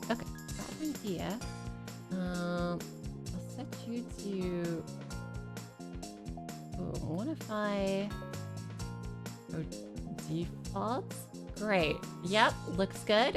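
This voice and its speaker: A woman livestreaming a video game from her computer at home, chatting casually, excitable and joking, with frequent swearing. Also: mid-range voice. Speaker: streamer. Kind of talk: casual gameplay livestream chat.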